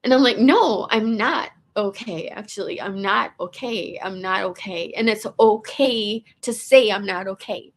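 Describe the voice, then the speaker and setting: A woman in her fifties with a gravelly voice, telling a personal story in a rambling, profane way, full of restarts and repeated words. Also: mid-range voice, measured pace, few pauses. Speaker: vlogger. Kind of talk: casual confessional storytelling.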